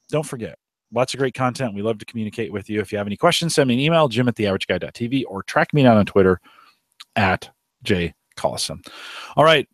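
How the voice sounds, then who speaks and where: A man with a fairly low voice hosts a live tech show outdoors on a deck, recorded with no echo. He's a podcast host from the Omaha area of the United States, and his talk is casual and rambling, with frequent restarts.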